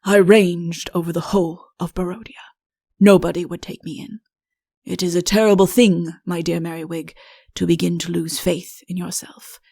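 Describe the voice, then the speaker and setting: A woman voicing a self-pitying, deposed male king in an audiobook, speaking slowly and earnestly. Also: lowish voice, flat delivery, creaky, dark tone, husky, dry recording, clean studio sound. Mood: plaintive. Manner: slow, earnest, imploring delivery. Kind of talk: audiobook character reading.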